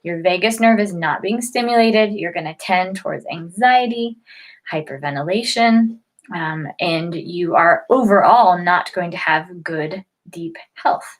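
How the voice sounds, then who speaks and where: A health educator talks straight to the camera in a casual, chatty way, her voice on the low side and unhurried. She stumbles, restarts and fills gaps with "um," and keeps yawning as she goes. The audio is poor.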